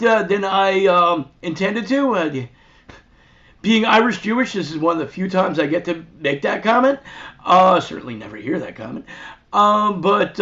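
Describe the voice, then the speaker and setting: A man hosting and telling a rambling, profane, animated anecdote in a crude comic style. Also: sits high. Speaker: host. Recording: dull lo-fi recording.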